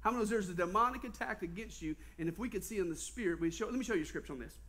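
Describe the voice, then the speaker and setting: A man's voice: high-pitched, very fast. A male pastor with a Southern US accent, preaching a sermon, telling stories with animation and constantly asking the congregation questions. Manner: animated storytelling, quizzing the congregation.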